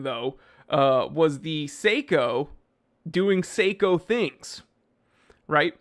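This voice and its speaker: Male livestream host, casual and animated, slightly raised pitch, lots of restarts. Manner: animated, reads viewer names aloud, frequent fillers and restarts. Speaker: livestream host answering chat. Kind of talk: casual live chat. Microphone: microphone he sometimes bumps.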